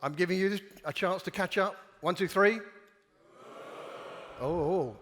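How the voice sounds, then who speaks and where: A man with a high, bright voice speaks a little quickly while giving a playful conference talk and leading audience participation games. There's slight background noise and a long reverb from the hall where the live audience sits.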